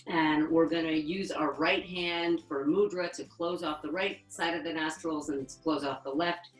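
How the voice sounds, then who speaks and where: A woman with a notably low voice leads a calm yoga breathing lesson over a webinar, counting each breath slowly. The room sounds echoey, and soft music plays faintly underneath. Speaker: yoga therapist. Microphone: webinar microphone.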